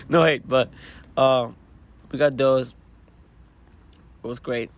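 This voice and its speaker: A man, a DJ and show organizer, hoarse after losing his voice, talking tiredly in a casual post-show interview. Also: medium pitch, slow pace. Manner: tired, laid-back, rambling with fillers. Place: at a live event venue after a show.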